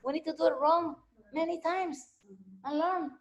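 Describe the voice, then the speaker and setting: A woman's voice: extremely high pitch, fairly even intonation, normal speed, lo-fi sound. A woman giving a casual spiritual talk and answering questions, rambling and repeating herself, often laughing. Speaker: spiritual teacher. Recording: echoey room.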